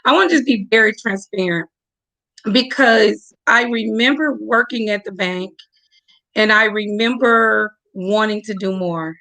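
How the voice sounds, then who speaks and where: A woman's voice: medium pitch, measured pace, sharp tone, no echo. A woman from Tennessee, speaking effusively to viewers on a video call as she hosts a live-stream announcement. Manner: effusive, laughing, addresses viewers as y'all. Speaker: host announcing her new venture.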